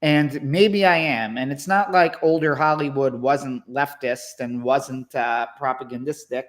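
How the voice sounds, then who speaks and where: A man co-hosting a casual livestream chat, rambling and hesitant with lots of fillers, in a wry, low-key way. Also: steady tone, a little slow. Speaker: co-host, movie commentator.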